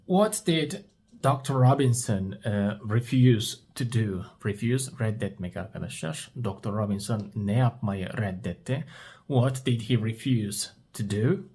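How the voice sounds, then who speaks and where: Slow, patient male English teacher. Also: mid-range voice, darkish tone, slightly rough. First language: Turkish. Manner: patient, repeats each question, asks and answers himself. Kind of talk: story-based English speaking practice.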